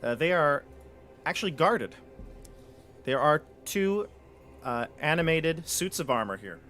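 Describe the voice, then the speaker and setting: A man's voice: a little high, expressive, a little slow, a bit bright, soft background music. Een man die als spelleider een tabletop-spel vertelt, aarzelend, met veel stopwoorden. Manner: hesitant, many fillers. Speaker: game master. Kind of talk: narrating a tabletop game.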